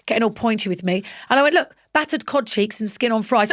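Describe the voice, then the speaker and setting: A woman's voice: a little high, fast talker, few pauses, slight background noise. A woman co-hosting a podcast, telling stories in casual chat, slurring a little through dental aligners, doing her mum's voice and swearing. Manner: animated storyteller, mimics her mum, swears. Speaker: podcast co-host.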